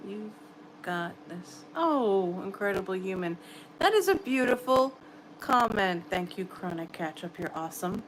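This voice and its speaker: A middle-aged woman from New York with a soft, encouraging way of talking chats casually with her livestream viewers. Her pitch sits in an ordinary middle range. A faint hiss runs under her voice from a home mic. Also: animated, measured pace, rough recording. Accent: American, New York. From New York area, US. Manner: gentle, encouraging, chatty with viewers. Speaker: livestream host. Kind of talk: casual live chat reading comments. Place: home at night, quiet room.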